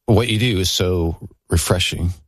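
A man speaking as a guest author on a radio talk show, earnest and animated, speeding up when he stresses a point. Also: deep voice, moderate pace, breathy edge, dry recording, studio quality. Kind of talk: casual studio conversation. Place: radio studio.

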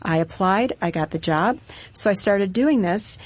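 A middle-aged woman telling her faith story as a guest on an interview show, earnest and steady. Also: mid-range voice, a little slow, husky.

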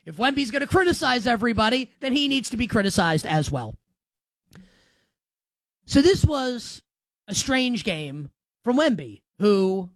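A man's voice: sits high, a bit bright, no echo. Emphatic sarcastic sports-talk man. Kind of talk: opinionated sports commentary.

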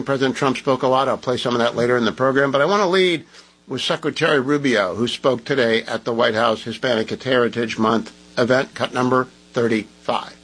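A man's voice: mid-range voice, a bit bright, breathy edge, poor audio. A man hosting a talk radio show, delivering an opinionated conversational monologue while groggy from medication.

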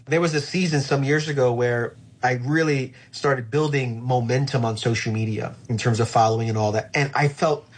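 A middle-aged male pastor talking through faith in an earnest, thoughtful way, slowing down to land his key points. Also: medium pitch, fairly even intonation, slightly rough. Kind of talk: reflective faith conversation.

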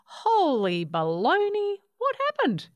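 A woman's voice: medium pitch, sing-song, unhurried, no echo. Woman doing a bubbly, stammering coot bird. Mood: startled. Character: friendly clumsy male coot bird, cheerful buddy.

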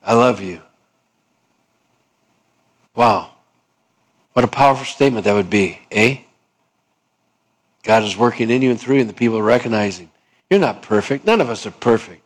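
A man's voice: medium pitch, slightly rough. A man preaching a sermon as pastor, asking the congregation questions and acting out little dialogues in changing voices. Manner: acts out dialogues with shifting voices; calls for amen, asks the congregation questions.

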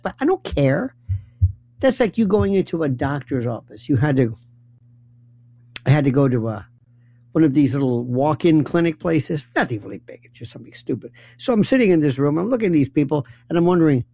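A man's voice: a little high, big pitch swings, brisk, dark tone, no echo. A man delivering a sarcastic, incredulous political rant as a commentator. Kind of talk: ranting monologue. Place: New York City.

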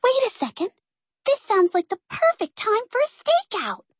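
Woman playing a young girl spy, squeaky, very high, urgent and hushed, lively pitch, dry. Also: normal speed, dry recording, full character voice. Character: clever, cautious young girl spy with gadgets.

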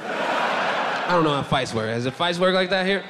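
Young male stand-up comic, lively and high-voiced, shouty punchlines, live club with long reverb. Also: normal speed, very noisy. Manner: animated, shouty punchlines, then low asides. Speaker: stand-up comedian. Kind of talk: stand-up set.

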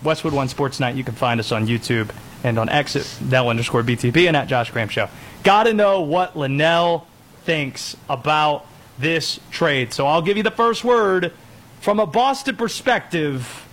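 Brief: male sports radio host, slightly high voice, dry teasing humor, keeps the show moving. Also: animated, normal speed, fairly bright tone. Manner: dry, teasing, drives the segment. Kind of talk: sports talk radio banter.

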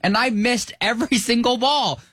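A man's voice: very high voice, normal speed, sharp tone, dry recording, clean studio sound. A young man co-hosting a morning radio show, telling sheepish self-mocking stories. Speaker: radio co-host.

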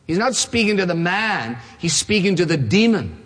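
A man with a slightly high, husky voice delivers a sermon. He drives his points home with repeated phrases and slows right down on the key words. His voice rings out with a long reverb, as in a large hall. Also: sing-song, a bit bright. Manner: emphatic, repetitive phrasing, slows down to stress points. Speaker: preacher. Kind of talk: expository sermon.

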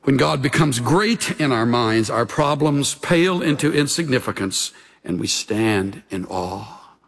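A man preaching a sermon as a pastor, in a measured, earnest delivery that sinks into hushed, intense passages. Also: mid-range voice, animated, creaky.

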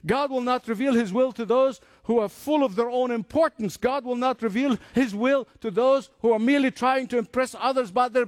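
A man preaching a sermon, telling stories with lively acted-out voices. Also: very high-pitched, no echo, clean studio sound. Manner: animated storytelling, acts out voices.

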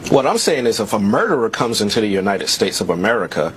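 A man argues his point insistently in a TV news interview. His pitch rises and falls freely, and faint ambient noise sits under the voice. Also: very animated, fast talker. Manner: argumentative, insistent. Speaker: political candidate guest.

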